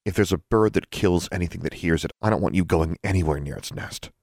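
Man doing a young witch, deep and gravelly read, dry and sarcastic. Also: a little fast, darkish tone, dry recording. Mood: dry, wry. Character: young witch, sardonic and blunt. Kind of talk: audiobook character voice.

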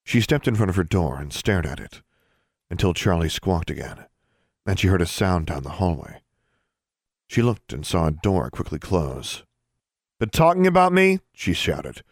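A man narrates an audiobook with steady, even storytelling. His voice is very deep. The sound is bone dry, with no room around it. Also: normal speed, husky, no echo. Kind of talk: scripted narration.

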